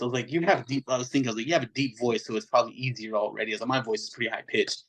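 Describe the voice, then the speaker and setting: A man's voice: medium pitch, racing, hardly any pauses, rough recording. Slangy man telling a story. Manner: animated, slangy, acts out quotes in other voices. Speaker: metal band vocalist, podcast guest. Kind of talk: casual storytelling chat.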